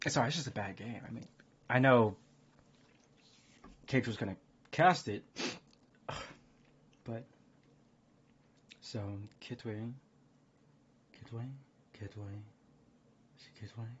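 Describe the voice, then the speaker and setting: A man chats casually on a live stream, rambling from one thought to the next. His voice sits at a middle pitch. The audio is dull and lo-fi, with a faint hiss behind it. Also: takes it slowly, long pauses. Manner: rambling, laughs hard at chat.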